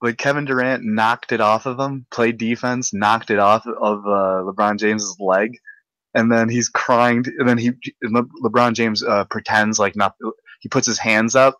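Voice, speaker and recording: A young man with a lowish voice rants at length, tripping over his words and repeating himself as he gets worked up. The sound is very dry and close, with no room around it. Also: moderate pace, dry recording, low-quality recording. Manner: rambling, excitable, repeats words. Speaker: podcast host. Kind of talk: ranting casual chat.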